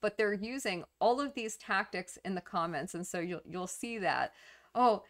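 A woman's voice: medium pitch, animated, normal speed. Woman, casual talk to camera, conversational, mid-range voice, fillers and restarts. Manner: conversational, with frequent fillers, restarts and little laughs. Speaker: YouTube commentator on narcissism.

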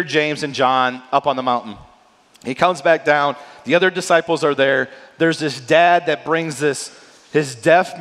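A male pastor preaching a sermon in a lively, conversational way, often checking in with "right?". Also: on the high side. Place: church sanctuary. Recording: long church hall reverb.

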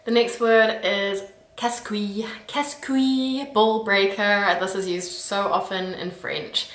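A woman's voice: medium pitch, level tone, measured pace, a bit bright, far from the mic. Woman, casual video host, playful, laughs a lot, echoey room, a bit off-mic. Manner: playful, laughs often, groans at gross words. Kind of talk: casual explainer monologue. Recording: roomy echo, a little off-mic.

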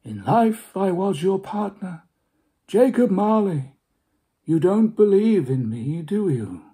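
A man reading a story aloud, voicing a dead man's ghost who gives solemn, drawn-out warnings. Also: sits high, very animated, warm tone, voice pushed up, full character voice. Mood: stern.

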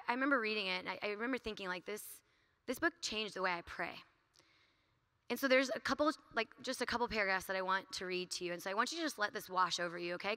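A woman giving an earnest, energetic talk at a youth conference, speaking quickly and casually with frequent "like" and "right?". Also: mid-range voice.

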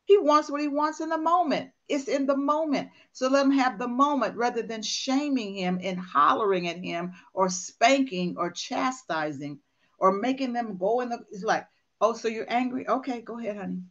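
A woman's voice: fairly high pitch, moderate pace, fairly bright tone, muffled recording. An older woman, a motivational speaker, talking candidly and emphatically, acting out her own inner dialogue. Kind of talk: candid conversational talk.

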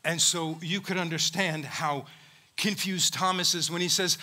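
A man's voice: fairly high pitch, steady tone, normal speed, bright, forceful tone. Male preacher, fervent sermon delivery, brilliant ringing tone. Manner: emphatic preaching, dramatic quoted speech, calls to the congregation. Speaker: pastor.

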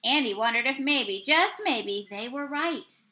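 Bright-voiced teacher reading a storybook. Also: female voice, high voice, measured pace, low-quality recording. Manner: expressive, voices the characters. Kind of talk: storybook read-aloud.

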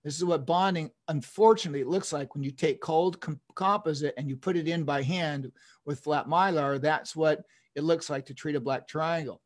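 A man's voice: a little high, normal speed. A man in his fifties, a dentist giving an online lecture, telling stories enthusiastically with chuckles and restarts.

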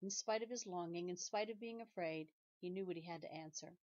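A woman teacher reads a children's novel aloud with steady, measured and clear narration. Her voice sits on the lower side, and the recording sounds dull and lo-fi.

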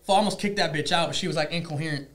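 High-voiced profane storyteller man. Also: very fast, a crowd in the background. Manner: profane, animated, acts out quotes. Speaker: podcast guest. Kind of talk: casual storytelling.

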